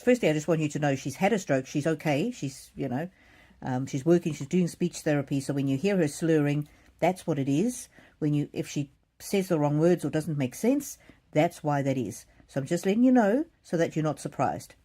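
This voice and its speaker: A woman's voice: low voice, dark tone. A middle-aged woman hosting a card-reading live stream tells a personal story in an earnest, emotional way, often restarting her sentences.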